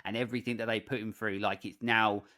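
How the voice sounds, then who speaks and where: A man hosting a podcast, retelling a film in a rambling, animated way with lots of fillers. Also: fairly low pitch, fast. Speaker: podcast host. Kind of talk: casual film discussion.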